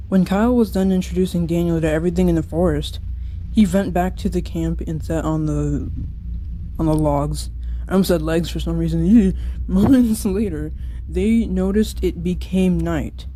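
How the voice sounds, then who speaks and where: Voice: mid-range voice, fairly even intonation, mellow, slight background noise. A young author reading an old story of their own aloud, breaking off for giggly, self-mocking asides. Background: slowed-down song.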